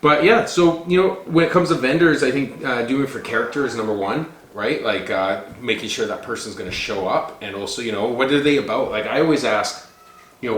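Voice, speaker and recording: A man's voice: mid-range voice, fairly quick, fairly bright tone, reverberant, slight background noise. A man co-hosting a casual podcast, chatty and loose, full of "like" and "dude" fillers. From Canada. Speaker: podcast co-host.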